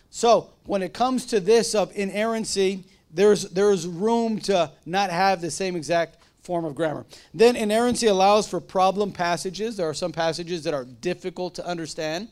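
A man teaches a church class like a relaxed pastor. His voice sits notably high. He talks conversationally, breaks off mid-sentence and tosses questions to the room. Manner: conversational, self-interrupting, asks the room questions. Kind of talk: casual teaching sermon.

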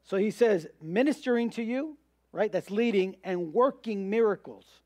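A man's voice: high-pitched, expressive, normal speed, a little mellow, no echo. A man preaching a sermon as pastor, emphatic, answering rhetorical questions and acting out voices of doubt.

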